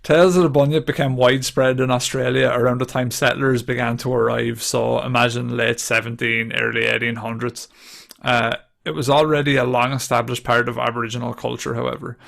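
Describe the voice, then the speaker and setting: A man's voice: mid-range voice, little pitch movement, a little fast, vocal fry, a bit bright. An English man hosting a casual podcast, chatty and laughing easily while reading from his notes. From England. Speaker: podcast host.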